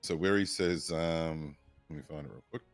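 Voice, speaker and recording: A man's voice: very deep voice, moderate pace, soft background music. A man playing a police officer in a roleplay discussion, reading through a statement and rebutting it point by point. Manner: methodical, reads out a statement and rebuts it.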